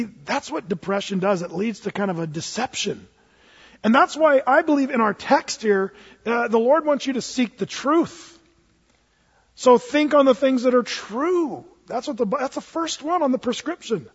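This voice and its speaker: Animated high-voiced male preacher. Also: normal speed, slightly rough, big-room sound, highs cut off. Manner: animated storyteller, swings from loud to hushed, jokes. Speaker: pastor. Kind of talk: sermon.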